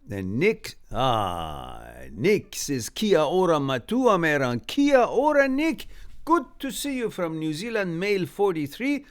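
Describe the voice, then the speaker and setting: A man's voice: on the high side, huge pitch swings, unhurried, few pauses. A man from Canada hosting a live stream, reading viewer comments aloud with chuckles and upbeat asides. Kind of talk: casual live-stream chat.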